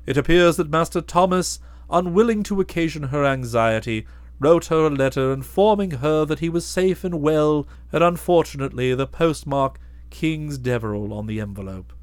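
A man voicing a deferential, unflappable valet who speaks in a measured, formal way. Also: a little high, lively intonation, clear, resonant tone, no room sound, natural voice. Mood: composed. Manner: measured and formal, trailing off softly on each "sir".

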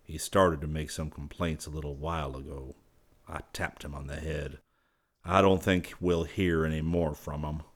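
A man voicing a bland, armed male outlaw who talks flatly and matter-of-factly. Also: very deep voice, normal speed. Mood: cool. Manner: flat, matter-of-fact.

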